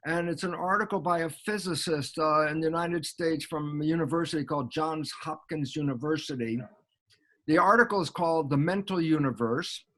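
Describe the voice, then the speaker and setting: Older man, high-pitched voice, animated lecture-style explaining, acts out dialogues with himself. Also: normal speed. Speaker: guest biologist.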